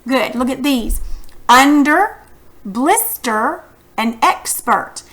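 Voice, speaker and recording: Woman teacher, bright and a bit high, patient questioning lesson style. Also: lively intonation, slow. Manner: patient, encouraging, asks questions. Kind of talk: recorded phonics lesson for students.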